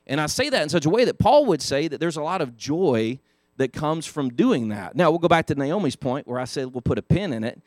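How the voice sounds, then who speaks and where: Male Sunday school teacher, slightly high voice, conversational, dry close sound. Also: very animated, brisk, no room sound. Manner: conversational, asks the class questions. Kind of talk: Sunday school Bible lesson. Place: church classroom.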